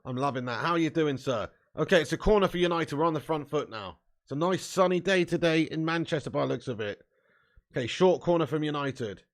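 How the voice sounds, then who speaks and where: A man hosting a live football watch-along, commenting on play, cheering loudly and chatting casually with viewers. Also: fairly high pitch, fairly quick. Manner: excitable, bursts into loud cheering, swears freely, chats to viewers. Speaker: fan watch-along host.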